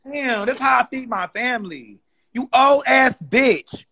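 A young man ranting in a profane, exasperated, fast-talking comedy style. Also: very high-pitched, bright, forceful tone, slightly rough. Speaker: comedy creator.

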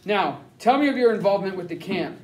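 A stern, cold German-speaking officer in an audiobook, clipped and crisp with quiet menace, as a man reads him. The voice sits high, and the room around it is echoey. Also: expressive, quick pace. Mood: menacing. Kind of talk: audiobook character reading.

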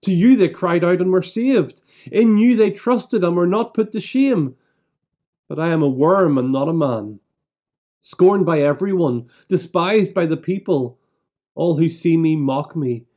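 A male minister with a somewhat higher voice leads a broadcast church service. He prays and reads scripture in a measured, solemn way, pausing deliberately between phrases. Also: a little mellow. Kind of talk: leading prayers and reading scripture aloud.

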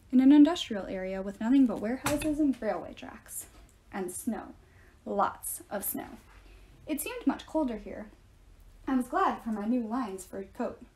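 A woman reading a novel aloud in steady first-person storytelling. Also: on the high side, slightly rough. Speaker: reader.

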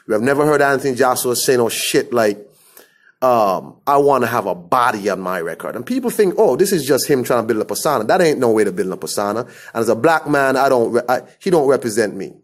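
Blunt Caribbean man ranting. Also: medium pitch. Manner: blunt, scornful, emphatic. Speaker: commentator. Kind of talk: opinion rant to camera.

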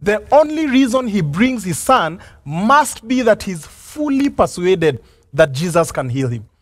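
High-voiced man preaching earnestly. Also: very animated, unhurried, no echo. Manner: earnest, reflective preaching with rhetorical questions; hesitant restarts and fillers. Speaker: pastor. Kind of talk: sermon.

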